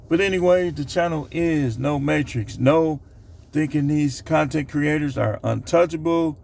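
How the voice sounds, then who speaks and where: A man with a slightly high, gravelly and somewhat mellow voice talks at normal speed. Hosting his own channel, he films himself and rambles loosely to the camera while counting down a numbered list, dropping in lots of fillers and asides.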